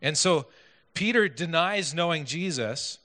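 Bright-voiced preacher in an echoey hall. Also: male voice, a little high, lively intonation, a little slow. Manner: conversational, asks the audience questions, self-deprecating asides. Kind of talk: sermon.

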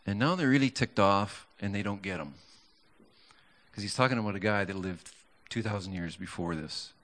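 A man's voice: lowish voice, normal speed, fairly bright tone. A man preaching a sermon in a conversational storytelling way, with stammers and restarts, building to fervent emphasis.

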